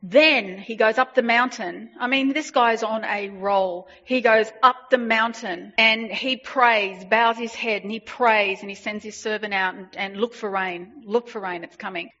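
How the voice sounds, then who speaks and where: A woman preaching a sermon, retelling a story with animated emphasis and repeated phrases. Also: on the high side, measured pace, few pauses. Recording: dull lo-fi sound.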